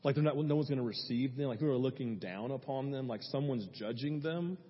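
A man's voice: mid-range voice, fairly quick, breathy edge. A man preaching a sermon as a pastor, talking in a conversational way with frequent asides to the congregation. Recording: echoey hall, dull lo-fi sound.

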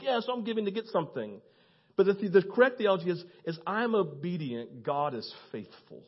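A man with a high, slightly husky voice preaches to his church. He tells stories with animation and acts out each character's lines. The recording sounds dull and lo-fi. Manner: lively storyteller, acts out quoted voices, laughs often. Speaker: pastor. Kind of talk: sermon with animated storytelling.

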